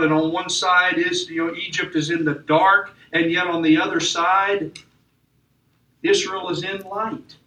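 A man's voice: sits high, bright, forceful tone. A man preaching a sermon in a church, with emphatic delivery that rises and falls. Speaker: pastor. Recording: echoey church room from far off.

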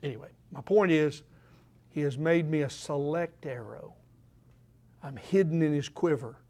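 An older man preaching a sermon, asking the congregation questions and swinging between loud declarations and quiet asides. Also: fairly high pitch, a little slow.

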